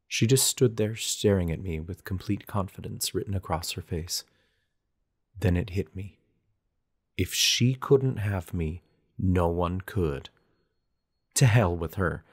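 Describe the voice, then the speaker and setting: A man's voice: sits low, measured pace, breathy edge. A man narrating a romance audiobook in first person with an intense, dramatic delivery.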